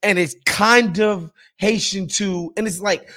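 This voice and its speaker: A high-pitched man holds forth on a podcast, animated and emphatic. He swears freely and keeps a loose, conversational rhythm. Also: unhurried. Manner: profane, emphatic, animated ranting. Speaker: podcast co-host. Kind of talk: casual podcast chat.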